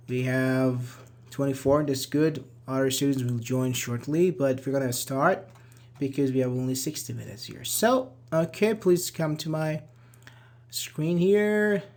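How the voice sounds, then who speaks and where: A man's voice: medium pitch, darkish tone. A man teaching an English grammar lesson in an online class, explaining patiently and repeating key words, with frequent "uh" and "okay".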